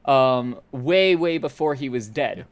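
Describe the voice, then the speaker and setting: A man's voice: medium pitch, lively intonation, slow. A man co-hosting a podcast, rambling casually with lots of fillers. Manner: rambling, uses many fillers. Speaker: podcast co-host. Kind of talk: casual chat.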